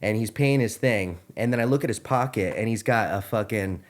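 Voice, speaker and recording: A young man hosting a podcast, telling a story in an animated, profane, casual way. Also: on the low side, brisk. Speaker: podcast host.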